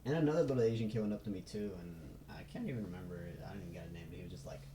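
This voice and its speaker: A man's voice: low voice, lively intonation, very fast, noisy background. Rambling man on a roomy phone recording. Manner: rambling, loose, full of fillers. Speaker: vlogger. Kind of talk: casual rambling vlog.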